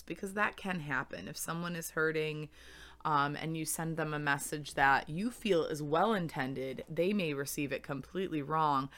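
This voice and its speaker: A young woman hosts a podcast on her own and talks in a candid, reflective way, laughing easily. Her voice sits low in pitch but has a bright, crisp edge. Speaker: podcast host. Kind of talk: solo podcast talk.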